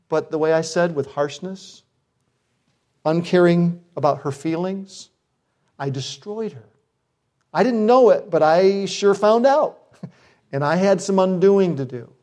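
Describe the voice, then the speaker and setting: A man's voice: high-pitched, unhurried, pauses often, a little mellow. A middle-aged man preaching a sermon as pastor, earnest, with self-deprecating humor.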